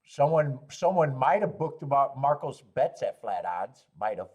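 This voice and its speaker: A man's voice: medium pitch, big pitch swings, moderate pace, darkish tone. A man hosting a live horse racing stream, rambling and joking while greeting viewers in chat.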